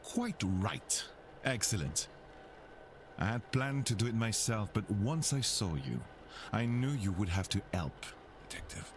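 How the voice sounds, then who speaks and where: Toussaint, a scheming French investigator. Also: male voice, fairly low pitch, sing-song. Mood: courteous. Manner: formal, measured, dropping French phrases. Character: scheming male French investigator, blackmailing, self-assured. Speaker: game character. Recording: game audio with noisy ambience.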